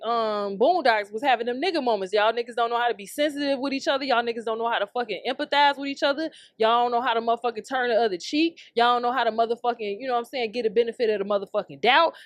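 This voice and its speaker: A young woman ranting on her podcast, loud and heated, swearing without pause and breaking into laughs. Her voice sits a little high, recorded dry and close with no room around it. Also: no room sound. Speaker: podcast host. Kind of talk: profane comedic rant. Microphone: studio mic on camera.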